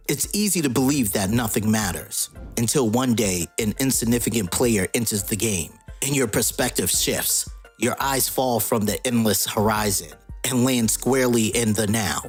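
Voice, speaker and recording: A calm, wise male avatar of death with a husky, mid-pitched voice, as a man reads him out from a comic. Faint music sits underneath. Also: close to an everyday voice. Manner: read aloud from a comic.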